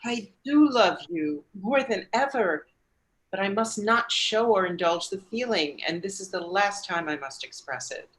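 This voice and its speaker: A woman reading the part of a calm, resolute young woman in an audiobook, steady and restrained. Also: mid-range voice, a little slow, pitched below the performer's own voice, low-quality recording. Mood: firm.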